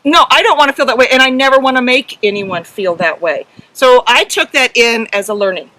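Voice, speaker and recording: A middle-aged woman co-hosting a casual podcast, telling a story earnestly and emotionally, with halting ums. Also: high-pitched, animated, sharp tone, low-quality recording. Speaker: podcast co-host and herding judge.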